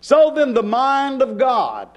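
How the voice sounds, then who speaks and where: Male preacher, high voice, very animated pitch, church sermon, dramatic pauses.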